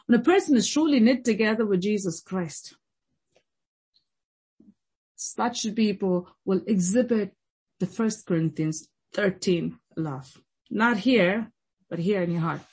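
A woman preaches a sermon, pressing her point through repeated phrases and a string of questions. Her voice is breathy and sits at a middle pitch, with no sharp edge to it. She speaks as a pastor. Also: expressive, unhurried, pauses often, low-quality recording.

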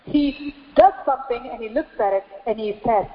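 A woman pastor preaching a sermon, repeating phrases in a steady cadence and asking rhetorical questions. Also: fairly high pitch, moderate pace. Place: church hall. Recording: echoey church hall, slightly dull sound.

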